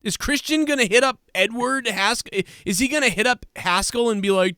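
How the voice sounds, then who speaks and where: A man with a fairly high voice hosts a podcast in a loose, profane rant. He keeps acting out what others said to him. His voice is close and dry, with no room sound. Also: brisk, pushed and bright, smooth, dry recording. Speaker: podcast host. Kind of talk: casual chat.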